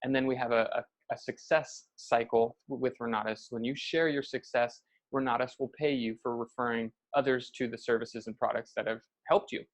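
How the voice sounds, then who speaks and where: A man opening a recorded training session with an upbeat, encouraging delivery. He speaks at an everyday male pitch, steady and friendly. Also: normal speed, hardly any pauses. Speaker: host introducing a recorded training. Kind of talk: promotional introduction.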